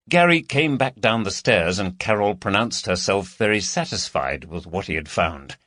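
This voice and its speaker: A man narrating a crime audiobook in a lively, dramatic storytelling manner. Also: fairly low pitch, moderate pace, few pauses, dry recording, clean studio sound. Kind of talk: scripted narration.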